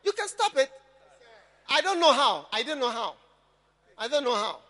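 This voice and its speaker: A man preaching with a very high, bright voice that leaps up and down as he drives his points home. He is a pastor in full sermon, impassioned and often breaking into shouts, at times mimicking his listeners. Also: big pitch swings, moderate pace, long reverb tail.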